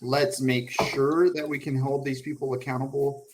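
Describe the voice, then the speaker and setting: A man co-hosting a podcast, talking in a mocking, animated way, swearing often and laughing between lines. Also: medium pitch, normal speed. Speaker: podcast co-host. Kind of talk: casual profane political chat.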